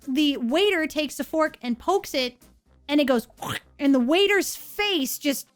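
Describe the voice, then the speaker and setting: High-voiced woman telling a story. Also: measured pace, faint music behind. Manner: animated, acts out quoted people in lower voices. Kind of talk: casual storytelling.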